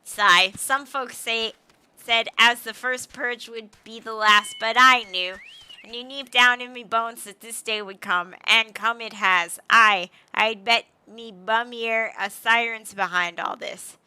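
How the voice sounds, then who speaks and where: A crusty old sailor barks and grumbles in salty slang, as a woman puts him on for a game. The voice sits high and very bright, loud and pushed. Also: fairly even intonation, takes it slowly, heavily acted. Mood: grumbling. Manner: gruff, salty sea-dog talk. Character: grumpy old male sailor master.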